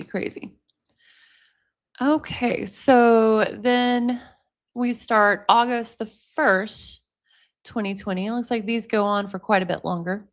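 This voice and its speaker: Chatty woman streamer, slightly high voice. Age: 40s. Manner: casual, chatty asides to viewers. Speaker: commentary streamer. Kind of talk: reading text messages aloud with commentary.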